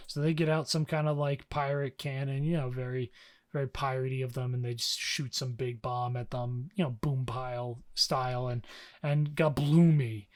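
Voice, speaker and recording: A young man co-hosting a podcast, recapping a story in a casual, slangy way and slipping into quick character voices. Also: medium pitch, fairly even intonation. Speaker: podcast co-host.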